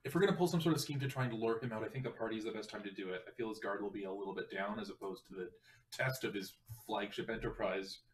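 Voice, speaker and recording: A man's voice: fairly low pitch, fast talker, recorded from a distance. A man playing in a tabletop game who muses and reasons through plans. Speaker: player. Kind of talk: casual tabletop play. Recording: voice away from the mic.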